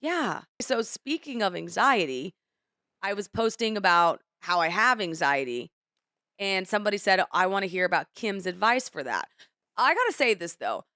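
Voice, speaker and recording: A woman's voice: medium pitch, big pitch swings, normal speed, bright, forceful tone, no room sound, studio quality. A young adult woman co-hosting a podcast in casual chat, candid and rambling as she opens up. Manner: candid, rambling, emotional retelling. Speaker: podcast co-host.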